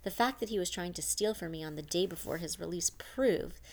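A woman's voice: lowish voice, a little fast, darkish tone, natural voice. A woman reading the lines of a stern female camp warden who defends herself coolly. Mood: insistent. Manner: cool, self-justifying, lying.

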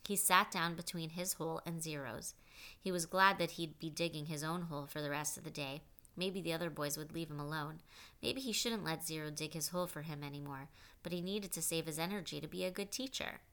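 A woman reading an audiobook with a low, bright voice. Steady, clear storytelling. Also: a little fast. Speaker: audiobook narrator. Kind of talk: scripted audiobook narration.

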